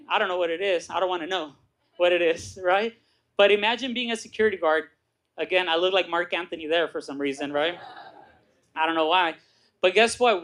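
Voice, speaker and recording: A middle-aged man giving a motivational talk to a live audience, telling his story with lively acted-out voices and asking "right?" again and again. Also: high voice. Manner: animated storytelling, acts out quoted voices, keeps asking "right?". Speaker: guest speaker. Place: meeting room with audience.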